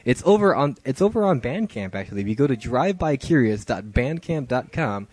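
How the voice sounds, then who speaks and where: Podcast host, a man with a lively up and down voice, laughs a lot, dry sound. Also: medium pitch, brisk, few pauses, no room sound. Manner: laughs often, animated, rambling. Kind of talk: casual chat.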